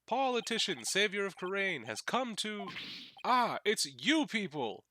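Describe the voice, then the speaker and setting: A man's voice: sits high, sing-song, unhurried, sharp tone, a little hiss or hum, voice pushed up, heavily acted. A man voicing a pompous, self-important young male politician in a grandiose, theatrical way. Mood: proclaiming. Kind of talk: reading game dialogue aloud in voices. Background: game music.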